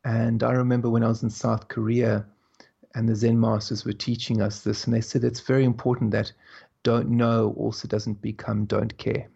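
A man as an interview guest, telling stories in a slow, reflective way with soft laughs. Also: medium pitch, level tone, creaky, breathy edge, muffled recording. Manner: slow, musing, laughs softly between thoughts. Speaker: guest, spiritual teacher. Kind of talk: reflective conversational storytelling.

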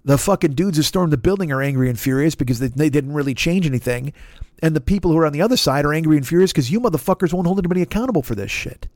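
A man rants in a comedic podcast monologue, exasperated and swearing, tripping over his own restarts. His voice sits a little high for a man. The sound is dry and close, with no room around it. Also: expressive, very fast, a little mellow, no room sound. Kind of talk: profane comedic rant.

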